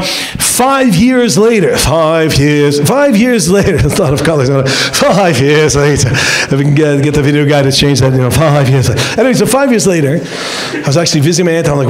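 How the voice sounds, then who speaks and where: Animated, joking rabbi at a lecture. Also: male voice. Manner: joking, storytelling, acts out quotes with big pitch swings. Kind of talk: animated seminar talk to young students. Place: lecture room with an audience.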